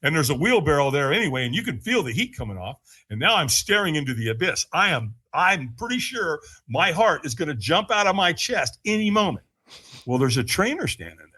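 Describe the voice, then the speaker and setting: A man's voice: sing-song, a little fast, pushed and bright, husky. A man on a podcast, telling his story with frequent laughs and acted-out quotes. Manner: laughs often, acts out quotes in a higher voice. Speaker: podcast guest. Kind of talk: animated storytelling.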